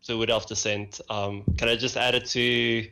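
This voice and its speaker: A man playing in a tabletop game, eager and agreeable, quick with jokes. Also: mid-range voice, flat delivery, gravelly, bright, forceful tone. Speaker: player. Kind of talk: casual tabletop session talk.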